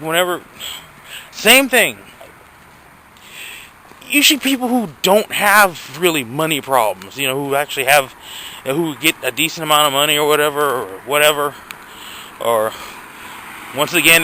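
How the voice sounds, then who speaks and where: A man's voice: a little high, sharp tone, slight background noise, rough recording. A young man ranting to his camera outdoors, profane and agitated, filmed on a handheld phone. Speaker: vlogger. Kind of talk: casual rant to camera.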